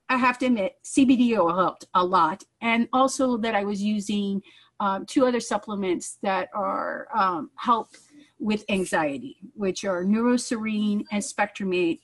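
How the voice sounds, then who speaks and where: A woman's voice: medium pitch, low-quality recording. A woman, a mother, giving an earnest personal testimonial in a conversational storytelling way. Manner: earnest, acts out quoted dialogue.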